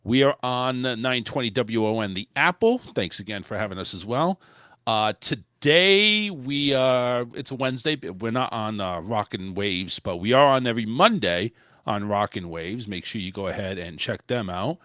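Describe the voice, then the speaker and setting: Male host, lively rambling chat, dry close sound. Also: fairly low pitch, normal speed, no room sound. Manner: loose, rambling delivery with frequent restarts and mild swearing. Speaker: podcast host. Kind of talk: casual chat.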